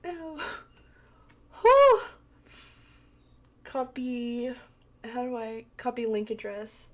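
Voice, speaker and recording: A woman's voice: a little high, big pitch swings, very slow, long pauses. A woman streaming a game she is playing for the first time, chatting casually with her viewers in a rambling, giggly way and breaking into long laughing fits. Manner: rambling, chatty, talks to chat. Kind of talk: casual gameplay commentary.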